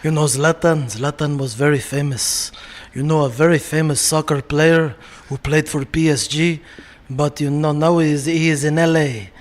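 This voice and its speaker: A man's voice: fairly high pitch, steady tone, voice pushed down, lightly acted. A man doing a smug boastful soccer star. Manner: slow, self-assured, condescending. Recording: live room with clear background noise.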